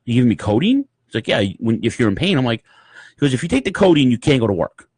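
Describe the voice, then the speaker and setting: A man co-hosting a podcast, telling a story in casual chat, profane and animated, acting out the people in it. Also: mid-range voice, quick pace, slightly rough. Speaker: podcast co-host.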